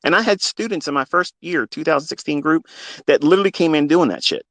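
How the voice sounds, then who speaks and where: A fifty-year-old man with a gravelly voice, telling a personal story off the cuff in a blunt, emotional way with plenty of swearing. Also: fairly high pitch, lively intonation, quick pace, fairly bright tone, no room sound. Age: 50s. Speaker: trading educator on a live talk. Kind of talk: unscripted live talk.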